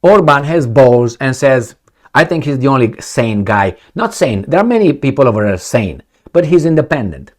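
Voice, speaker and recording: A man's voice: medium pitch, sing-song, moderate pace. A man giving casual, rambling political commentary on his channel, sarcastic and swearing freely.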